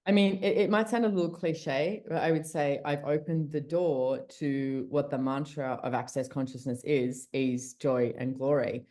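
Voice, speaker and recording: Low mellow woman on a call, chatty and blunt, swears a bit, lots of restarts. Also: steady tone, moderate pace, few pauses. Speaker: podcast host and guest speaker. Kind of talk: casual call conversation.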